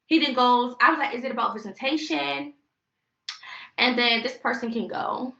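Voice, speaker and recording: Woman going off on a live stream, high voice with lots of fry, roomy muffled sound, cussing and rambling. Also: moderate pace, bright, forceful tone. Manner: heated, rambling and profane, addressing viewers as y'all. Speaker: livestreamer. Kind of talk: emotional live-stream venting.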